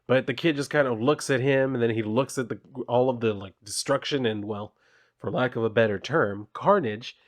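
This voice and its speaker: A man's voice: medium pitch, normal speed. A man casually summarizing and reviewing a comic issue, talking in a loose, offhand, informal way.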